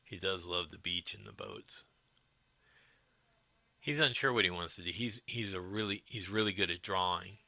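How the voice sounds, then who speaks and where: Gravelly, sharp-voiced livestream host. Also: male voice, low voice, dry recording. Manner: rambling, answers chat comments as he goes. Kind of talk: casual chat with viewers.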